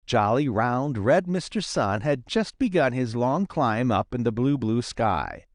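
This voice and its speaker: A man narrating a children's storybook in a lively, expressive reading style. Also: medium pitch, unhurried, no echo, studio quality. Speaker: audiobook narrator.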